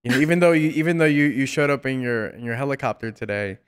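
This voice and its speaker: Smooth-voiced man hosting a casual chat. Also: mid-range voice. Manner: warm, halting, many restarts and fillers, playful teasing. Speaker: podcast host.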